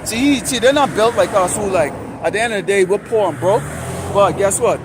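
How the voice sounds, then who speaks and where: A high-pitched male voice delivers a heated, profane street sermon straight to the camera. He rants rather than speaks calmly. Steady traffic noise from the road around him is heard clearly in the outdoor recording. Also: a little fast. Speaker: street preacher.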